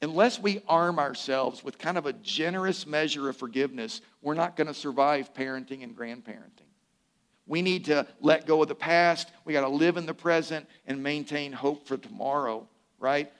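Older male pastor, slightly raised pitch; casual, joking sermon delivery that eases into quiet, slow stress on key lines. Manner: conversational preaching with asides and humor; drops to soft, slow emphasis on key phrases.

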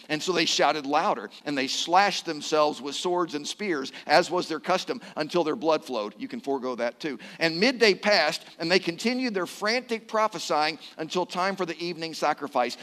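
A man with a high, bright-edged voice preaches to his congregation, reading scripture aloud and joking with them between verses. His delivery is lively and playful. The sound carries a long hall reverb. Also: moderate pace, few pauses. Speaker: pastor. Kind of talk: sermon with responsive reading.

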